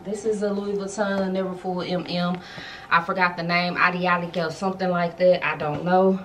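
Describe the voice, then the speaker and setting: A woman's voice: lowish voice, flat delivery, normal speed, fairly bright tone, a little hiss or hum. A woman vlogging at home in casual chat to her viewers, exclaiming and slangy, a bit out of breath. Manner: chatty, exclaims, talks straight to viewers with slang. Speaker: lifestyle vlogger. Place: at home, bedroom.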